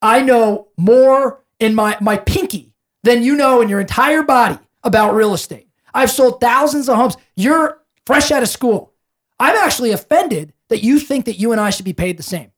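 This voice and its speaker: A man's voice: very high-pitched, expressive, normal speed, voice pushed up. A man voicing a proud, offended veteran male realtor who lectures a newcomer. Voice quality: indignant, lecturing. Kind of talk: acted quote in a story.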